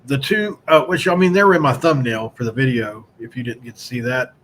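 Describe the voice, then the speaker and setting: A man's voice: medium pitch, fairly even intonation, brisk, fairly bright tone, a little hiss or hum. A man hosting a casual live-streamed sports talk show, speaking in a loose, rambling way and greeting chat viewers by name.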